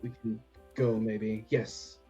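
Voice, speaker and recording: A man's voice: fairly low pitch, flat delivery, slow, dark tone, slightly rough, faint music behind. A man playing a tabletop role-playing game, talking casually and a bit hesitantly. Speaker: player. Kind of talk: tabletop role-play chat. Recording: slightly dull lo-fi sound.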